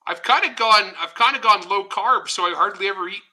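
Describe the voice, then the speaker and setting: Bright, high-voiced man telling joking stories. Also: fairly quick. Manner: animated, joking anecdotes. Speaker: guest author. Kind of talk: casual storytelling interview.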